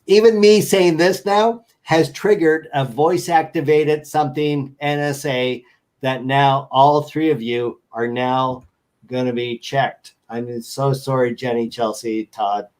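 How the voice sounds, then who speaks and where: A man's voice: mid-range voice, steady tone, slow, a little mellow. A man chatting as a guest on a show, rambling and joking as he tells stories over a video call. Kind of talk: casual chat.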